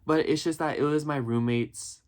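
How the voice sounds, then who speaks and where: A man's voice: on the high side, fairly even intonation, moderate pace, darkish tone. A man vlogging casually about his life, earnest and rambling, full of "you know" and "like", getting emotional at times. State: emotional, near tears at times. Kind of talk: reflective casual vlog talk.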